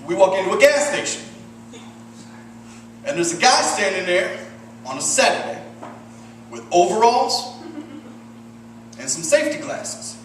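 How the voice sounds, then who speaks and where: A man in his thirties from Michigan doing a stand-up set, deadpan and profane with self-deprecating asides. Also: sits high, unhurried, long pauses, slight background noise. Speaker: stand-up comedian. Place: comedy club stage with audience. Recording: roomy distant club recording, loud ambience.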